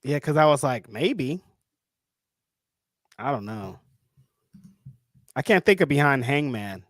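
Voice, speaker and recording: A man's voice: medium pitch, lively intonation, normal speed, a bit bright, dry recording. A man co-hosts a casual online show with laid-back, joking banter. His voice moves up and down a lot, and the sound is dry and close to the mic. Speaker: co-host. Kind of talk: casual chat.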